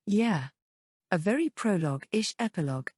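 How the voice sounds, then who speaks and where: A woman narrating a light novel audiobook in a steady, even scripted reading. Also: fairly low pitch, moderate pace, no room sound, studio quality.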